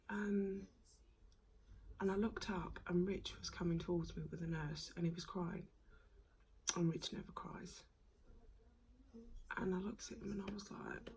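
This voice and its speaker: A woman in her thirties tells her story to the camera, speaking softly and haltingly, with many pauses and ums. Her voice often sinks to a breathy whisper and carries a slight gravelly edge. A faint hiss runs underneath. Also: on the low side, poor audio. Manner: soft-spoken, halting, with many ums and frequent whispery stretches. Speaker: vlogger.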